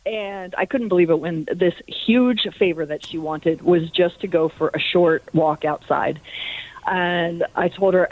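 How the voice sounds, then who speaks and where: A woman's voice: fairly low pitch, a little slow, no room sound. A woman calling in to a radio show, telling an earnest personal story with many fillers. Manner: earnest, with frequent fillers and soft laughs. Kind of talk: personal testimony. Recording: tinny phone line.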